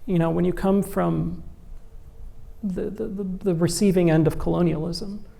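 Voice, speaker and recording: A man's voice: high voice, fairly even intonation, normal speed, gravelly, warm tone. A man, telling wry stories with many "like" and "you know" as a guest author on stage. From Egypt. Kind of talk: conversational storytelling on stage.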